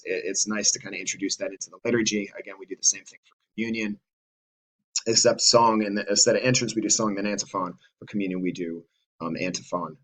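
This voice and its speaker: A man's voice: on the low side, a bit bright, poor audio. Casual man explaining church music. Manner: talks loosely with fillers, breaks into chanting. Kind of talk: casual explanation with sung examples. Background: guitar playing.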